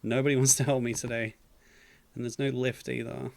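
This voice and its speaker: Guy streaming a game, gravelly voice, dry jokes, slight hiss behind. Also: mid-range voice, little pitch movement, a little fast. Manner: chatty, reads game text aloud, dry self-mocking asides. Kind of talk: casual gameplay commentary.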